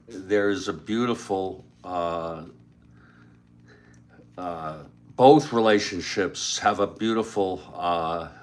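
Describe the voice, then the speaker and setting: Slow, low-voiced male storyteller. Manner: unhurried, with frequent fillers and asides. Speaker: storyteller retelling his own story. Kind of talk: casual spoken storytelling.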